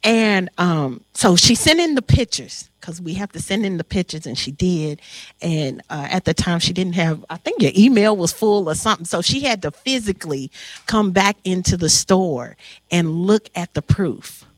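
Woman, panel moderator; animated, halting storyteller; dry, close sound. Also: lowish voice, no echo. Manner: animated, halting with fillers, emotional. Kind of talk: emotional storytelling to an audience.

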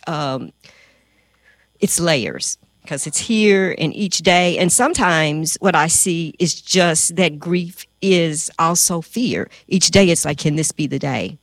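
A woman who works in hospice care, giving a calm, measured explanation on a discussion panel. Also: deep voice, no room sound.

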